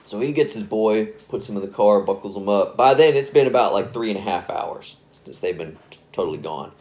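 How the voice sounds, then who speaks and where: Male storyteller, casual and rambling, lively swooping delivery. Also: on the low side, fairly quick. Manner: casual, rambling, self-correcting. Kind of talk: spoken scary story narration.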